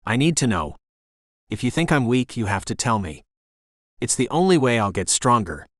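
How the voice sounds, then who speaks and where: A man's voice: medium pitch, very animated, normal speed, no room sound, clean studio sound. A man voicing a hurt, strong-willed young woman in an audiobook, sounding frustrated and pleading. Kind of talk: audiobook character reading.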